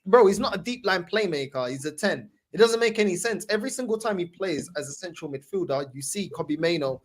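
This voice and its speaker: A young man hosting a casual football debate, arguing his points with animated, emphatic bursts. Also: sits high, fast. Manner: animated, argumentative, rising to emphatic peaks. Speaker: podcast host.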